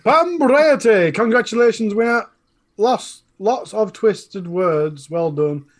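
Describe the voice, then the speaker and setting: A man's voice: sits high, lively intonation, takes it slowly. A man with a Northern English accent co-hosting a casual live stream, reading tongue twisters from chat and laughing at his own stumbles. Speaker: co-host.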